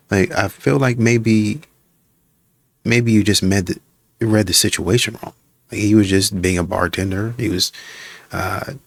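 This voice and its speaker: Reaction host, man, very low voice, casual hesitant commentary, dry recording. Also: dry recording. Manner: hesitant, thinking aloud with repeats.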